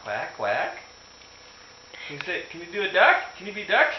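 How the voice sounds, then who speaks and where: Low-voiced woman coaxing a toddler, muffled. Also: very animated, normal speed. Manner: coaxing, sing-song questions. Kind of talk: talking to a toddler at home. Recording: dull muffled audio with chatter behind.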